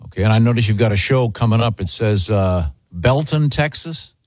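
A man's voice: on the low side, animated, moderate pace, no room sound. Dry-sounding male radio host. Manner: conversational, reads dates and venues off a list. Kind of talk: radio interview.

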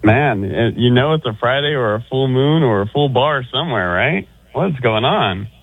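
Husky man teasing over a phone line. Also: mid-range voice, expressive, normal speed, dry recording. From Southern California. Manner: needling, joking, laughs at own jokes. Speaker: caller. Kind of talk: call-in radio banter.

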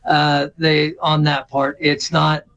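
A middle-aged man speaking as a veterans service officer on a radio interview, halting and full of fillers. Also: on the high side, completely flat delivery, a bit bright, dull audio. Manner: halting, many fillers and restarts.

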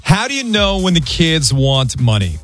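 A man's voice: on the high side, big pitch swings, normal speed, no echo. A man in his forties hosting a morning radio show, bantering in a jokey, self-deprecating way. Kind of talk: casual on-air banter.

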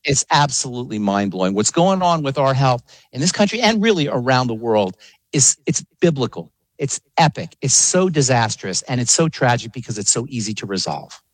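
Male radio guest, pharmacist, husky dry voice, passionate and emphatic delivery. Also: mid-range voice, sing-song, normal speed, no echo, poor audio. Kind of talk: radio interview.

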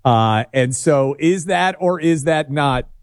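A man's voice: a little high, lively intonation, slow pace, no echo, clean studio sound. A man from the United States co-hosting a talk radio show, giving blunt opinions in casual banter. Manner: opinionated, confessional.

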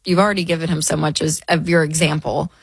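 A woman's voice: low voice, fairly even intonation, fast talker, slightly rough, no echo. A woman co-hosting a call-in finance show, encouraging and reassuring the caller. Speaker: co-host.

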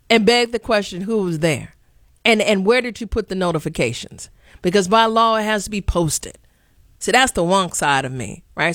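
Woman, talk radio host, impassioned commentary, repeats herself, mid-pitched, dry studio sound. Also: no echo. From Chicago. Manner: preachy, rising to sharp outbursts, repeats words.

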